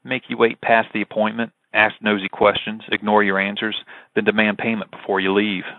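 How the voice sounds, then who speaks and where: Sardonic grumbler, read by a man: low, tinny, dry. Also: flat delivery, moderate pace, no room sound, lightly acted. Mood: wry. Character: wry, grumbling man under suspicion.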